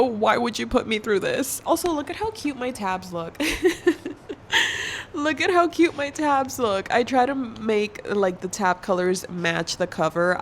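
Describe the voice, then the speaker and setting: A woman's voice: medium pitch, a little hiss or hum. A woman in her twenties chatting in a casual vlog, emotional and tearful, gushing with many fillers and slipping into Spanish exclamations, recorded at home at night. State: tearful and overwhelmed. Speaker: book vlogger.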